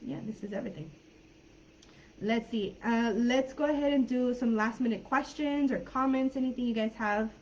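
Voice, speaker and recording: A woman's voice: a little high, moderate pace, muffled recording, slight background noise. A woman with a Californian accent, an English teacher talking through a live online class in a friendly, chatty way with plenty of fillers.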